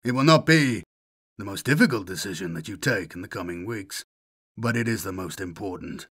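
A man voicing a cold, menacing male warrior commander who speaks with icy calm, lower and softer than his own voice. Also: fairly quick.

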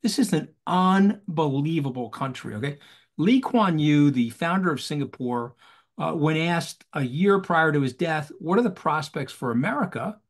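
A man speaks as an interview guest over a video call, his voice set a little high for a man. He talks in an emphatic, rhetorical way and keeps hammering his points home with repeated phrases. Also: animated, normal speed. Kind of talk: animated interview talk.

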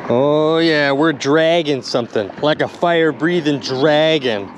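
Excitable man vlogging outdoors. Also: on the high side, unhurried, a little hiss or hum. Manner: excitable, exclaims often. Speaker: magnet fishing channel host. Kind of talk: excited outdoor vlog narration. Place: outdoors by a bridge over water.

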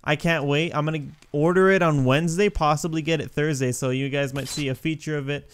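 A young man giving casual, rambling gameplay commentary, excitable and breaking into yelps and shrieks when a level goes wrong. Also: on the high side, a little fast, clean tone. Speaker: gaming YouTuber.

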